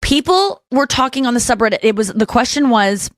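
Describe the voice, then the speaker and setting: A woman's voice: on the high side, animated, dry recording. Frank, rambling woman podcast host, dry sound. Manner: frank, rambling, quick asides. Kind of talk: casual podcast chat.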